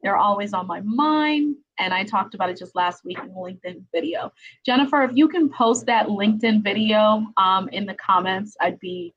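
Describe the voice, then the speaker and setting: A woman's voice: medium pitch, normal speed, a bit bright, muffled recording. A middle-aged woman hosting a live-streamed interview podcast from home. She chats casually and laughs often, with many ums and tag questions. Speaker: podcast host, attorney.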